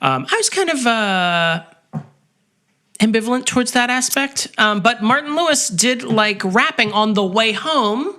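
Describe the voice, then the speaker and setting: A podcast co-host in casual chat, joking and animated, tossing out trivia asides. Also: medium pitch, unhurried.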